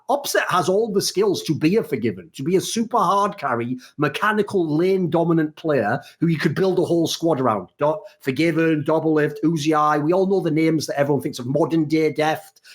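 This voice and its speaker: A man hosts a casual esports talk show in an animated rant, with plenty of swearing. His voice sits a little high and swings wildly up and down. He acts out the people he quotes. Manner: animated profane ranting; acts out quoted people with big pitch jumps. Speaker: podcast host.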